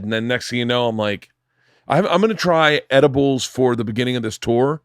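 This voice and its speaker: A man's voice: mid-range voice, brisk, no room sound, studio quality. A man hosting a podcast in casual chat, rambling and often restarting his sentences. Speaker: podcast host.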